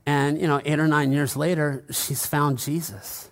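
A man's voice: a little high, steady tone, measured pace. A male pastor preaching a conversational sermon in church, often calling out to the congregation.

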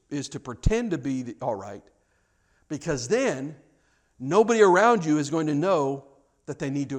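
A pastor preaching a conversational sermon, often repeating words as he goes and swinging from hushed, low passages to loud, excited ones.

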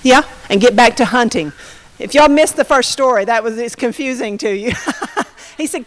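Preaching woman, high voice, lively storytelling in a sermon, long reverb of a hall. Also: normal speed. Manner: animated storytelling, acts out quotes. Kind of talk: sermon testimony.

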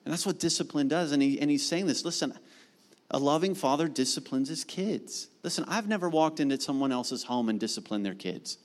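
A middle-aged man preaching a sermon in a conversational way, with quick asides. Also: fairly high pitch, animated. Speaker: pastor.

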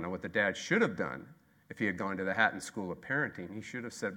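A man in his thirties preaching a sermon as pastor, moving from loud, emphatic repeated lines to quiet, slow asides. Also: fairly low pitch, lively intonation.

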